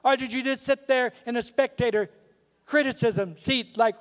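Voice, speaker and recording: A man's voice: very high-pitched, normal speed, in a large hall. A man preaching a sermon as a guest speaker, humorous and emphatic, calling out to the congregation in a church. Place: church sanctuary.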